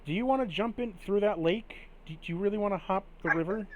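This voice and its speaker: A man voicing a gruff pirate leader who mocks and bosses others. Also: high voice, fast, muffled recording, a little hiss or hum, pitched above the performer's own voice, natural voice. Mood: mocking.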